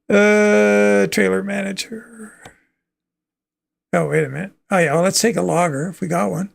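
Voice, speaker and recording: A man's voice: high voice, fairly even intonation, unhurried, gravelly, pauses often. A man from Canada hosting a livestream, chatting casually and thinking aloud as he plays a trucking game, with easy chuckles. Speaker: livestream host.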